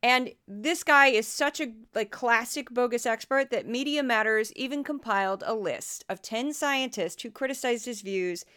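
A middle-aged woman from the American Midwest hosts a podcast in a loose, conversational way, full of dry asides and jokes at her own expense. Her voice sits a little high and sounds smooth and resonant. She keeps a wry, informal tone throughout. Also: moderate pace, few pauses, pushed and bright. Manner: chatty, wry, self-deprecating asides. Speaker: podcast host. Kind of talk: casual podcast commentary.

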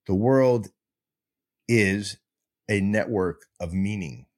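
A man's voice: lowish voice, slow, darkish tone. A man hosting a podcast, teaching in a casual, digressive and self-mocking way, breaking into goofy sound effects. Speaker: podcast host.

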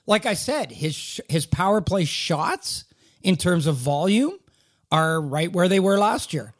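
Higher-voiced man bantering. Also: lively intonation. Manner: bantering, self-deprecating, halting restarts. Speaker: podcast co-host. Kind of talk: casual chat.

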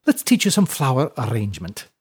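A man's voice: medium pitch, huge pitch swings, a little fast, husky. A man voicing a plump, cheerful older widow who runs a school, gushing and rolling her R's. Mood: bossy cheerful.

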